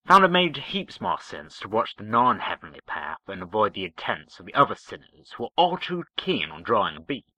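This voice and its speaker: A man voicing a gruff, blunt starship captain in a skeptical, dry drawl, read as part of an audiobook-style story. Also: lowish voice, big pitch swings, a little fast, few pauses, sharp tone, no room sound, exaggerated voice, poor audio. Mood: wry.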